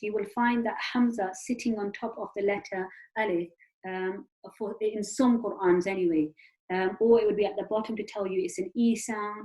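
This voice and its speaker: A woman teaches beginners over a video call, and her voice carries a roomy echo. She explains patiently, step by step, and sounds each letter out clearly. Her voice sits at an ordinary middle height. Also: medium pitch, darkish tone. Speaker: Quran recitation teacher. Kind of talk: online beginner lesson.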